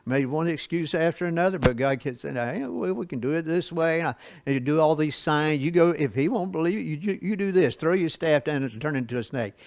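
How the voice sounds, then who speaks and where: A man teaching a Bible study lesson, reading scripture slowly and explaining it in a folksy way with asides and chuckles. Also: fairly high pitch, no room sound.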